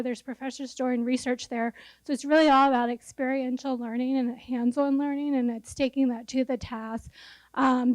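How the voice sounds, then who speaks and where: A woman's voice: high-pitched, a little mellow, no room sound, low-quality recording. A woman architect casually presenting a building project at a conference. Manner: casual, with fillers.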